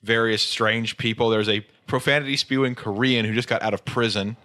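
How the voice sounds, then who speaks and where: A man's voice: medium pitch, steady tone, a little fast, sharp tone. A man on a podcast panel, telling stories in a laid-back, rambling way. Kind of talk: casual podcast chat.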